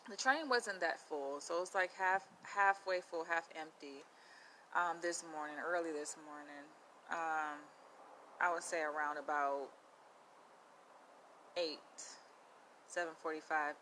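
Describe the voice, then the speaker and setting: Bright-voiced woman telling a story. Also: low voice, a little hiss or hum, low-quality recording. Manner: chatty, animated, lots of "like" and "you know". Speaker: vlogger. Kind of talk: casual storytelling to camera.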